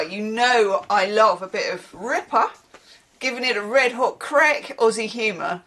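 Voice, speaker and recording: A woman giving a casual, rambling tarot reading, chatting with animated asides. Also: a little high, unhurried. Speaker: tarot reader.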